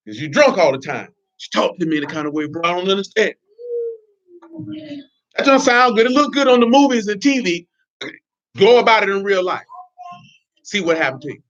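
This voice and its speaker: A man's voice: sits high, a bit bright. A man giving informal, blunt religious teaching in streetwise slang, with laughing asides. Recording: dull lo-fi recording.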